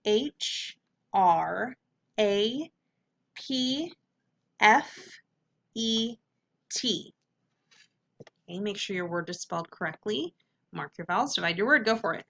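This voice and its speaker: A young adult woman teacher giving an upbeat phonics lesson, clearly sounding out letters and syllables. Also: medium pitch, lively intonation, takes it slowly, long pauses, fairly bright tone.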